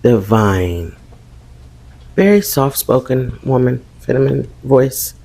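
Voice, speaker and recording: A man's voice: mid-range voice, darkish tone. A man recounting a creepy personal experience, emphatic and swearing, talking to listeners as y'all. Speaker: storyteller in a social media clip.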